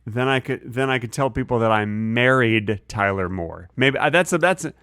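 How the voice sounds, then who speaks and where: A man riffs through a comedy podcast in a deadpan, absurd way, slipping into little acted voices. His voice sits in a middle pitch. The sound is dry and close, with no room around it. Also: normal speed, smooth, no room sound. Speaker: podcast co-host.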